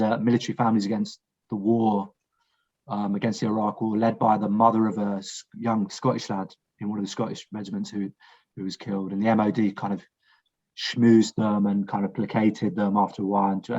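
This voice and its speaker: Husky low-voiced man, frank podcast guest, dull lo-fi recording. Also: brisk, a little mellow. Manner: frank, blunt, swears, restarts sentences. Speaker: war veteran guest. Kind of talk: casual podcast conversation.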